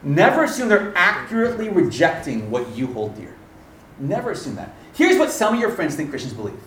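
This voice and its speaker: A man preaching a sermon as a campus ministry pastor, telling stories in an animated way and often laughing. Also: on the high side, brisk, a little hiss or hum. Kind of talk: sermon with storytelling. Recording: echoey room, distant mic.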